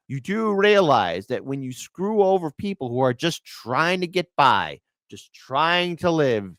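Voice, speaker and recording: A man's voice: on the high side, fairly bright tone, dry recording, studio quality. Fired-up man ranting political commentary. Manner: fiery, indignant ranting. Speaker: commentary host.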